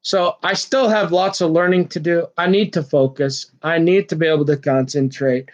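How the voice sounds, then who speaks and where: Rambling man with a higher voice. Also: steady tone, moderate pace, dull audio. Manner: rambling, repeats words and restarts often; earnest and agitated, jumps between topics. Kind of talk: rambling personal monologue.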